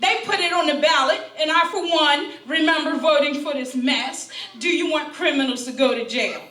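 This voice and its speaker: A grieving mother, a middle-aged woman, addresses a town hall in a high, emphatic voice. She mimics her opponents and presses hard with rhetorical questions. She is picked up from a distance in an echoey hall, with a faint crowd murmur underneath. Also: normal speed, pushed and bright. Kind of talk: impassioned public testimony. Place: town hall meeting room. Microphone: distant room mic. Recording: echoey hall, speaker heard from afar.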